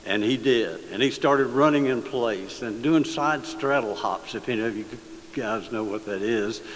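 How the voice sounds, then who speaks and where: Folksy senator in a big hall. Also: male voice, mid-range voice. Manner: easygoing storyteller, halting with fillers. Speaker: state senator. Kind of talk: folksy speech with a joke story. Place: large hall, addressing an audience. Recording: long hall reverb, faint hiss.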